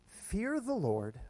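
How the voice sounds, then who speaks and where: A man preaching a sermon, reading scripture aloud and explaining it in a conversational way with fillers and restarts. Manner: reads scripture aloud with lively pitch swings. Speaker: pastor.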